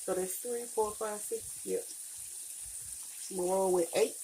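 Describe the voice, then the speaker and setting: A woman's voice: medium pitch, fairly even intonation, unhurried, dark tone, a little hiss or hum. A woman with a Southern US accent from Mississippi, chatting casually and homey to her viewers as she cooks in her home kitchen. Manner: chatty, homey, talks straight to viewers as y'all and honey. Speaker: cooking vlogger. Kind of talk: casual cook-along chat.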